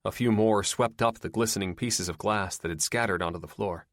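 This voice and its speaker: Man, first-person audiobook narrator, lowish voice, steady plain read, dry. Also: fairly quick, no room sound.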